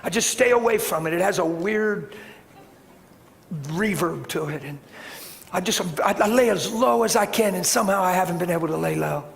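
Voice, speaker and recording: A man preaching a sermon as a story, animated, acting out voices and building up to shouts. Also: sits high, moderate pace, creaky. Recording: hall reverb with faint noise.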